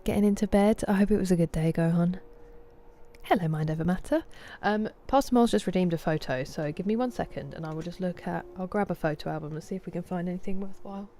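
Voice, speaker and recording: A woman's voice: on the low side, quick pace, warm tone, slight background noise. A British woman streaming a game, chatting casually and greeting her viewers by name. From Britain. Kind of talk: casual chat with viewers while gaming.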